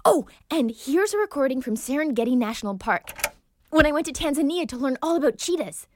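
A woman hosting a children's wildlife show, narrating from a script in a bubbly, playful and expressive way. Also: high voice, brisk, noisy background. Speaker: show host.

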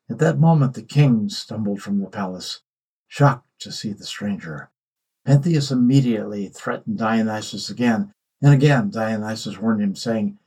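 A man narrating a myth in a measured storytelling voice. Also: on the low side, a little mellow, breathy edge, poor audio.

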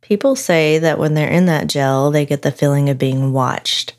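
Female co-host, low voice, chatty narration with relaxed banter. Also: normal speed. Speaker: podcast co-host. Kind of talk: casual storytelling chat.

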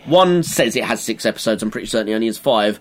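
A man's voice: lowish voice, expressive, quick pace. A man, co-hosting a podcast in casual chat, joking and swearing while he recaps episodes. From England. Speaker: podcast co-host.

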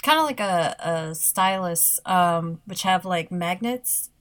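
Soft-spoken hesitant woman chatting. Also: lowish voice, takes it slowly. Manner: hesitant, many fillers, laughs between words. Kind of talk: casual podcast chat.

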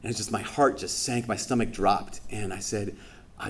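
Animated male priest telling a story. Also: on the low side, moderate pace, breathy edge. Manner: animated, acts out dialogue with self-deprecating humor. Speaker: Catholic priest. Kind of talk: sermon with personal storytelling.

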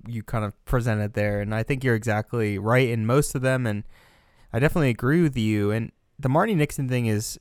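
A young American man co-hosting a casual film discussion, animated and ranting, swearing and laughing often. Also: mid-range voice, dry recording, clean studio sound. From United States. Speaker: podcast co-host.

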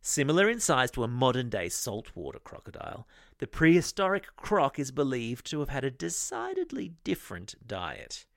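A man's voice: medium pitch, huge pitch swings, moderate pace, gravelly, dry recording, studio quality. A man hosting a daily kids' news podcast, reading scripted stories in a playful, upbeat way with jokey asides. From Australia. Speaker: news podcast host for kids. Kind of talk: scripted news narration for kids.

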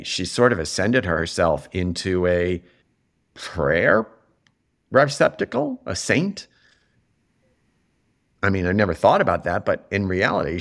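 A middle-aged man talking as an interview guest, telling a personal story in a reflective, animated way, his voice jumping up when he is moved. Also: lowish voice. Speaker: interview guest, television writer.

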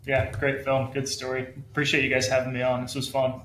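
A man's voice: mid-range voice, monotone, fairly quick, fairly bright tone. A man chatting casually as a podcast guest, with laughing, self-deprecating asides. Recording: roomy echo with faint noise.

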